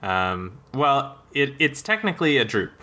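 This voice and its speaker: A man co-hosting a podcast in casual chat, playful and quick to laugh, fond of correcting small details. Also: medium pitch, sing-song, sharp tone. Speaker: podcast co-host.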